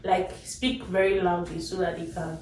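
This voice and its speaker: A young woman, chatting casually as a vlogger, talking fast and laughing through her stories. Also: lowish voice, little pitch movement, darkish tone, a little hiss or hum. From Nigeria. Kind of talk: casual chat. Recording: roomy sound from a distance.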